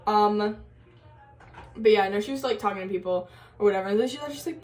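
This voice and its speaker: A woman's voice: medium pitch, fast talker, long pauses, a little mellow. A young woman telling a story in a casual college vlog, chatty and giggly, full of fillers and quoted asides. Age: young adult. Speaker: college vlogger.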